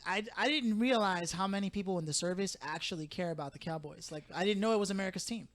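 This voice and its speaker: A man's voice: sits high, fast talker, a bit bright. A man co-hosting a podcast, joking playfully in casual chat while gaming. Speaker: podcast co-host.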